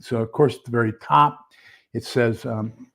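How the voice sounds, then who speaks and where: Gravelly man rambling on a livestream. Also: medium pitch, steady tone, moderate pace, bright, forceful tone. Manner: rambling, filler-heavy, reads aloud while fumbling with screen share. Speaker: livestream host. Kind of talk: casual live-stream commentary.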